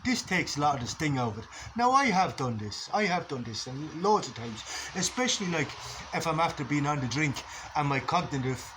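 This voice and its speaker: A man's voice: a little high, big pitch swings, brisk, background noise. Blunt, swearing Irish man. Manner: blunt, profane, rambling. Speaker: vlogger. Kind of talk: casual philosophical monologue.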